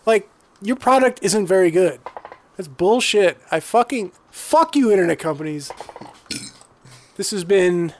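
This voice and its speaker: A man's voice: high-pitched, lively intonation, a little slow, long pauses, darkish tone. A man co-hosting a casual podcast, ranting heatedly and swearing often. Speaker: podcast co-host.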